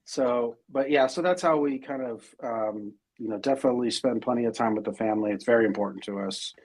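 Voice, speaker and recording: A man's voice: medium pitch, a little fast, darkish tone. A middle-aged man as interview guest, talking casually and rambling with many fillers and restarts.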